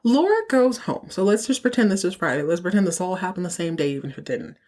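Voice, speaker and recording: A woman hosting a podcast, telling the story of a TV episode in an animated, chatty way. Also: on the low side, fast. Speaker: podcast host. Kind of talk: casual TV episode recap.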